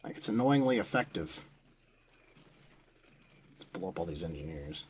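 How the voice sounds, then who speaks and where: A young man from the United States talks through a strategy game as he plays it, dry and sarcastic, cursing at the enemy units. His voice sits low, and faint room noise and keyboard clicks run under him. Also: expressive, moderate pace, long pauses, darkish tone. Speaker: gameplay commentator.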